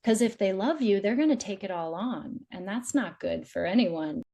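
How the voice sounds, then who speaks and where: Mellow-voiced woman coaching on dating. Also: medium pitch, lively intonation, normal speed, vocal fry. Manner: chatty, says "like" often, acts out quoted voices. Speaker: dating and relationship coach, guest. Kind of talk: casual advice talk.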